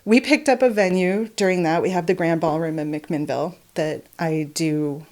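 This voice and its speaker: Animated, swearing middle-aged woman storyteller. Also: low-pitched, normal speed. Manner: animated storyteller, swears freely, laughs often. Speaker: podcast guest, florist. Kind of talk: casual podcast chat.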